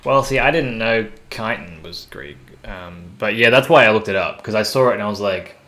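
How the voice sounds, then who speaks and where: A man's voice: on the low side, lively intonation, normal speed, a bit bright. A man streaming live, chatting casually and reading lore aloud, rambling, swearing offhandedly and sounding out tricky words. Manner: laid-back and swears casually.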